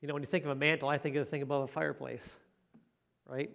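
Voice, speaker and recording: A man's voice: a little high, little pitch movement, quick pace, gravelly, a bit bright. A man preaching a conversational sermon as a pastor. He talks in a folksy way, asks the listeners questions and adds light joking asides.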